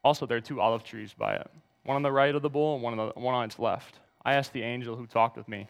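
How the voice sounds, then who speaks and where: A man's voice: mid-range voice, steady tone, fast talker, vocal fry, long reverb tail, a little hiss or hum. A man preaching a sermon, reading scripture aloud and asking the congregation to turn to verses. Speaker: pastor.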